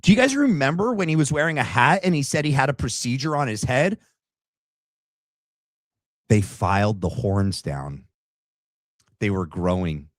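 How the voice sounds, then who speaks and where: Sarcastic, low-voiced male commentator. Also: dry recording, clean studio sound. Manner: sarcastic, rambling, mocking. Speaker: commentary show host. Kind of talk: casual reaction commentary.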